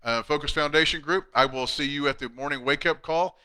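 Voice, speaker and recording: Middle-aged man, very bright voice, fairly high, blunt and chatty, live Q&A host. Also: fairly quick, clean tone. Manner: blunt, chatty, reads out viewer questions. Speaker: chiropractor hosting a live Q&A. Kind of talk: casual live-stream Q&A.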